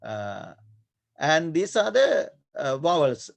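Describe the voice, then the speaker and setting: Man, monk teaching a language class, unhurried, repeats words, many pauses and fillers, gravelly. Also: on the high side, very animated. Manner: slow, repetitive, hesitant with many fillers. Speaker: Pali teacher, Buddhist monk. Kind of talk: online class lecture.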